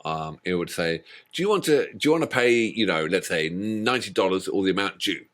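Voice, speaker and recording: A man in his co-host's chair, chatting casually and spinning jokey anecdotes as he laughs along. His voice sits a little on the low side. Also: lively intonation, fairly quick, fairly bright tone. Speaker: co-host of a music reaction channel. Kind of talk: casual chat.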